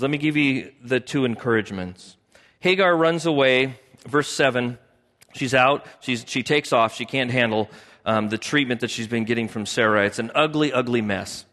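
A man's voice: medium pitch, a bit bright, big-room sound. A man preaching a sermon as pastor, emphatic and repeating key phrases for stress.

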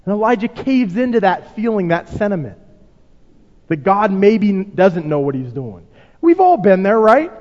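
A man's voice: high-pitched, very animated, a little slow, a little mellow. A man preaching a sermon, dramatically acting out quotes and asking the congregation rhetorical questions. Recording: muffled sound with long hall reverb.

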